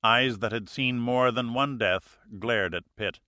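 Bright-voiced male audiobook narrator. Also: mid-range voice, a little slow, no room sound, studio quality. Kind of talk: scripted narration.

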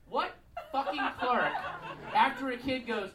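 A man with a very high voice delivers profane, mocking stand-up comedy at a moderate pace, playing characters and acting out song lyrics. The background is noisy: the room echoes, the mic is distant, and the audience keeps laughing.

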